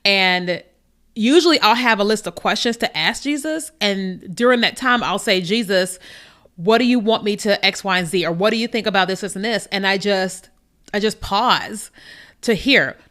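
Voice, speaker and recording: A woman's voice: mid-range voice, normal speed, fairly bright tone. A woman hosting a faith podcast, talking casually to viewers and acting out little back-and-forth dialogues. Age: adult. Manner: conversational, repeats "you know what I mean", acts out little dialogues. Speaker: podcast host. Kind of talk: casual faith talk to camera.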